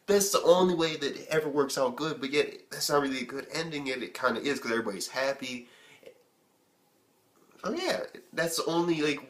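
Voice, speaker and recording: A young man reviewing an anime episode on his own channel, talking in an excitable, rambling way and swearing often. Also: mid-range voice, reverberant. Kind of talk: casual video review.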